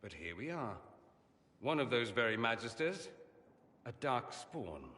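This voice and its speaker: A man's voice: medium pitch, big pitch swings, measured pace, a bit bright, slight background noise. A man voicing a witty, proud male mage who talks in a wry, teasing and theatrical way. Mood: musing. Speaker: game character. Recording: game audio with long reverb.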